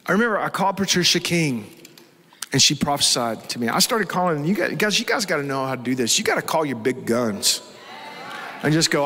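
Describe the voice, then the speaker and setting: A man's voice: on the high side, very animated, brisk, bright, forceful tone, in a large hall, slight background noise. A man preaching a sermon as pastor, telling a story with strong emotion. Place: church hall with live congregation.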